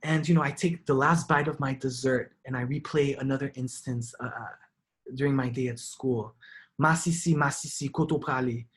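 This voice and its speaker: A man's voice: medium pitch, fairly even intonation, moderate pace. A young man from Haiti giving an artist talk, telling his own story in an earnest, reflective way, often restarting and repeating words.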